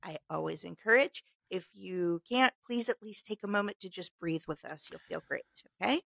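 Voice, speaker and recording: A woman co-hosting a casual late-night podcast, chatty and giggly, guiding listeners through a calming breath. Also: lowish voice, moderate pace, creaky, no echo, studio quality. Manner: giggly, chatty, leads calm breathing exercises. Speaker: podcast co-host.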